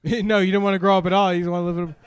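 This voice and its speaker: A man doing a stand-up set, rambling with lots of fillers and breaking into sudden loud bursts. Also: high-pitched, flat delivery, rapid-fire, smooth, no room sound. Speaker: stand-up comedian.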